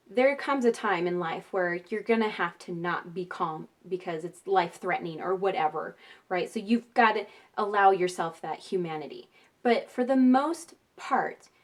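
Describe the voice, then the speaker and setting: Chatty mom giving parenting tips. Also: female voice, mid-range voice. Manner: chatty, with frequent tag questions and laughter. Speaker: parenting vlogger and mother. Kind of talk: casual parenting advice talk.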